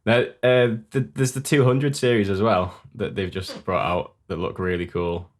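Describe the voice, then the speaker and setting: A man's voice: low-pitched, fairly even intonation, normal speed. A man co-hosting a podcast, chatting eagerly about guitar gear and jumping in with answers. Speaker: podcast co-host.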